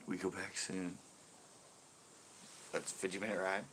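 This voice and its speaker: A man hosting a casual livestream chat, telling a fishing story and reading viewers' questions. He laughs often and gets lively when he quotes other people. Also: deep voice, moderate pace, long pauses, husky. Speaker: livestream host.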